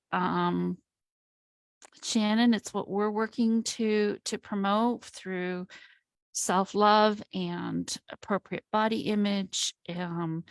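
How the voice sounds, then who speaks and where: Female host-coach, slow reflective delivery with a gravelly edge. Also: medium pitch, dry recording, clean studio sound. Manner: heartfelt, reflective, slow and thoughtful. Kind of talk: casual conversation.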